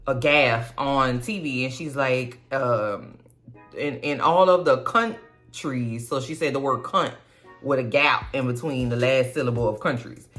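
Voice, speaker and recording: A woman recapping a TV episode in casual, blunt, profane chat, swooping up in pitch to stress her points. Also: unhurried, soft background music. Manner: blunt, profane, chatty commentary; expressive, swoops high for emphasis. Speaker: TV recap vlogger.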